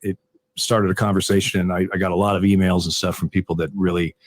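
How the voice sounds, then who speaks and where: An older man, a retired umpire, tells stories in an interview, halting and repeating words, with frequent chuckles. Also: low-pitched, little pitch movement, no echo. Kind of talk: conversational interview storytelling.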